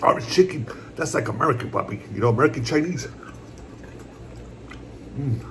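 A man in a casual home eating vlog, rambling along in a relaxed, repetitive way as he talks to his viewers. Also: mid-range voice, moderate pace, a little hiss or hum. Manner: laid-back, rambling, repeats "my brothers" and "puppy". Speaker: mukbang vlogger. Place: at home, indoors.

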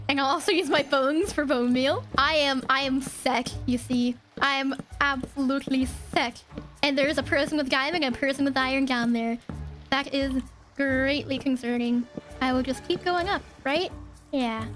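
A young woman giving casual, excitable let's-play commentary, giggling and talking to herself as she plays. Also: high-pitched. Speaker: gaming video creator.

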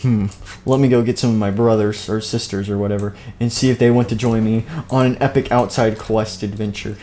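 A man's voice: lowish voice, fairly even intonation, brisk, dark tone, a little hiss or hum, natural voice. A man voicing a naive, sheltered young animatronic boy who gasps at everything, in a game role-play. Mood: eager. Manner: gasping, wide-eyed, eager.

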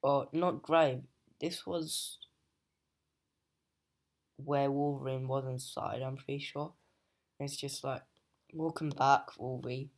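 A young adult reviewer with a mid-range voice slowly recaps a comic's plot, drawing things out and pausing often on fillers. Hesitant and leaning on "just like," the speaker stays level and monotone with little rise or fall.

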